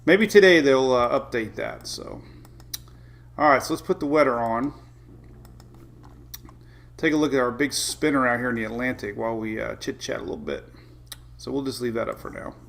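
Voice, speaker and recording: A man's voice: mid-range voice, moderate pace, vocal fry, pauses often, fairly bright tone. A man hosting a weather livestream in a casual, chatty way, greeting viewers by name and laughing often.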